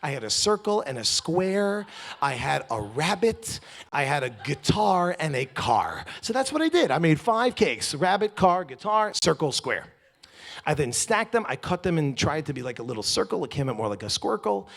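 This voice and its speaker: A man giving a comic storytelling talk to a live audience at a fundraiser, jokey and animated, at times dropping to a hushed, earnest tone. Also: fairly high pitch, moderate pace, creaky. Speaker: speaker at a fundraiser.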